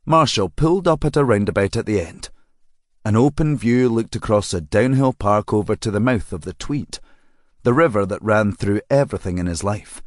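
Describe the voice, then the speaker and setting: A man narrating an audiobook crime novel in a measured, even storytelling manner. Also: on the low side, no echo, clean studio sound. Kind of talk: scripted narration.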